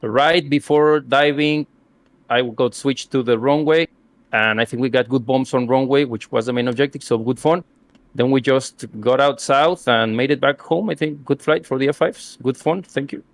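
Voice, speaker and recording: A man's voice: mid-range voice, moderate pace, dry recording. Man, upbeat, matter-of-fact, dry sound. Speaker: second element lead. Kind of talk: casual debrief chat.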